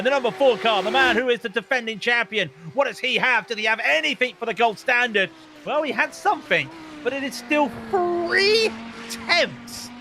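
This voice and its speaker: Bright-voiced male race commentator. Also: sits high, slight background noise. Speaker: lead commentator. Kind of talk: sim racing commentary.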